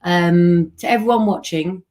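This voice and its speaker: A woman's voice: on the low side, a little slow, darkish tone. Chatty woman hosting a live reading. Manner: chatty, affectionate, reads out viewer comments. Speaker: astrologer and tarot reader hosting a live stream. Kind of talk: casual live-stream chat with readings.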